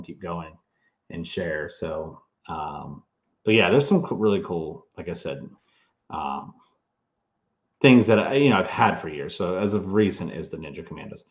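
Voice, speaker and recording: A man's voice: low voice, moderate pace, echoey room, muffled recording. A man speaking as a guest author in a casual interview. He talks in a rambling way with lots of fillers and restarts. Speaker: toy historian and author, guest.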